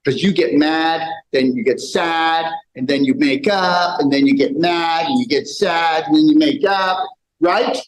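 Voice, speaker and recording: Animated man lecturing a live audience. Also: on the high side, measured pace, few pauses, poor audio. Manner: animated, preachy, swings between loud and quiet. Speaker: health speaker. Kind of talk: seminar talk to a live audience. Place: room with audience.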